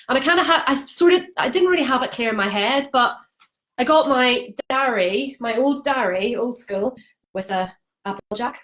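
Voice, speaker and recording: A woman's voice: a little high, animated, moderate pace, fairly bright tone, rough recording. A woman talking candidly in a live-streamed vlog, frank and emotional, with many fillers and restarts. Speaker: vlogger sharing a sobriety challenge. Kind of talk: candid Facebook live monologue. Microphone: phone or webcam on a live stream.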